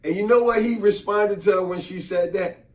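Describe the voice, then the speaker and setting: A middle-aged man spins a casual, animated story and slips into voices for the people in it. His voice sits a bit high for a man. He sounds distant from the mic, in a roomy space. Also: moderate pace. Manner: animated, acts out voices in quotes.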